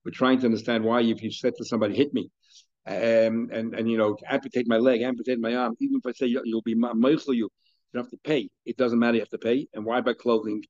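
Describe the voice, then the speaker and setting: Male Talmud teacher, conversational lecture, frequent restarts, mellow voice, muffled sound. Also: medium pitch, fairly even intonation, fast talker. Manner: mixes Hebrew and Aramaic terms into English explanation. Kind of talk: daily Talmud class lecture.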